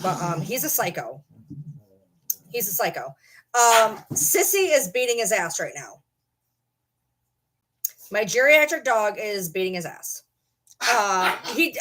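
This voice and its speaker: Chatty rambling woman, slightly high voice. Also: lively intonation, a little slow, pauses often, background noise. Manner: rambling, swears casually, talks to her dog mid-sentence. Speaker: channel host. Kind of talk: casual vlog chat. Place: at home in a chair with her dogs.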